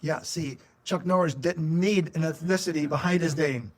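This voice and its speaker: Middle-aged man, from Minnesota, podcast co-host, reflective, asks questions, slightly high voice. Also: normal speed, slight background noise. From Minnesota, USA. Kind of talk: casual chat between old friends.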